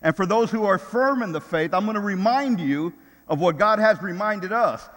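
An older man, a grandfather, preaching with a high-pitched voice. He talks loosely and restarts phrases as he goes. His sermon rings out with a long reverb from the hall around him. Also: expressive, moderate pace, a bit bright. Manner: casual, repeats words while searching for phrasing. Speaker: pastor.

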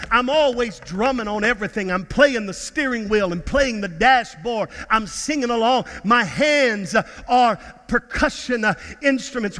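A man's voice: very high-pitched, sharp tone, long reverb tail. A middle-aged man preaching a fervent sermon as pastor, repeating words and breaking into bits of song.

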